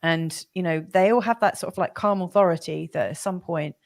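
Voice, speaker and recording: A woman's voice: lowish voice, brisk, creaky. A woman hosting a conversation, asking questions in a hesitant way with frequent "um"s. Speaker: host. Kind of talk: conversational interview.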